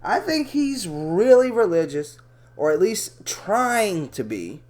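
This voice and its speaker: A man rants through chat logs in a profane, rambling commentary. His pitch swings widely and animatedly. He often stops to correct himself. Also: sing-song, slow, darkish tone.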